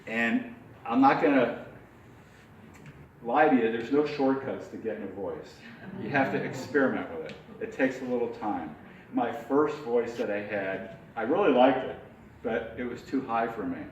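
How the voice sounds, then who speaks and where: A man's voice: mid-range voice, normal speed, recorded from a distance, dull audio, a little hiss or hum. A man teaching a ventriloquism workshop in a chatty, folksy, demonstrative way. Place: workshop room. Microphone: distant from the mic. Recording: echoey room from afar, faint background.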